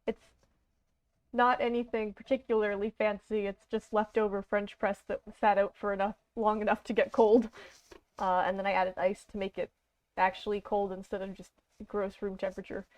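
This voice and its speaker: A woman's voice: medium pitch, little pitch movement, normal speed. A Canadian woman streaming a game, chatting casually in a rambling, self-deprecating way with lots of fillers. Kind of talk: casual let's-play chat. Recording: dull lo-fi stream audio.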